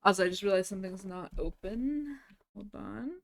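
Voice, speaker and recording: A woman's voice: medium pitch, moderate pace, creaky. A woman streaming live from home, chatting casually with her viewers, easily sidetracked and swearing now and then. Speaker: livestreamer.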